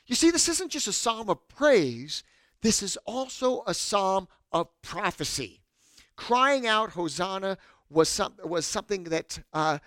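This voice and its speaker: High-voiced man preaching a dynamic sermon. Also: no room sound, clean studio sound. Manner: dynamic preaching, rising loud on quotes and dropping soft; reads scripture aloud with rhetorical questions. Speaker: pastor.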